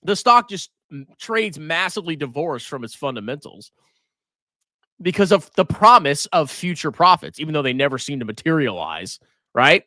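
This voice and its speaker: A man's voice: on the high side, sing-song, normal speed, pushed and bright, no room sound, clean studio sound. A man hosting a live finance stream, giving brash, mocking market commentary and laughing often. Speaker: finance livestream host.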